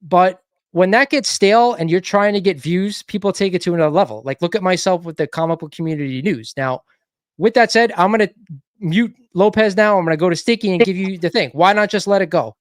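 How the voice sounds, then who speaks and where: A man hosting a live online call-in show, mediating calmly between guests with frequent restarts. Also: sits high, dry recording, clean studio sound. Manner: mediating, calm, halting restarts. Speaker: host.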